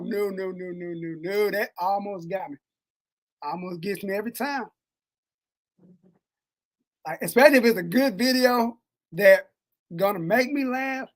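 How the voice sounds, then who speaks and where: A man co-hosting a podcast in casual chat, animated and slangy, swinging between loud and soft. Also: high-pitched. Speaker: podcast co-host. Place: Texas.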